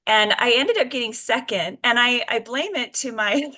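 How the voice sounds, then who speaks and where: A woman's voice: a little high, lively intonation, normal speed, bright, forceful tone. A woman in her fifties, a guest in an interview, telling her story earnestly with many fillers and restarts. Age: 50s. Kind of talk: casual interview chat.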